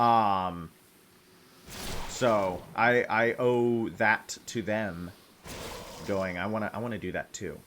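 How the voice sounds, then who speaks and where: A man streaming a video game, chatting casually in a rambling, excitable way with sudden jumps in pitch and frequent laughter. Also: slow, pauses often, a little hiss or hum. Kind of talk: casual chat while playing a game.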